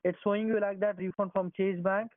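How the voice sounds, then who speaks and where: A man's voice: sits high, flat delivery, fairly quick, no echo. A man on a phone call, insistent and repetitive, speaking in broken English. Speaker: phone scammer.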